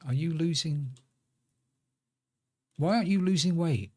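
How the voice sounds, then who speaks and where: A man's voice: a little high, unhurried, darkish tone. A man streaming a building game, muttering to himself as he works and chatting in asides. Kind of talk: casual live-stream chat while playing.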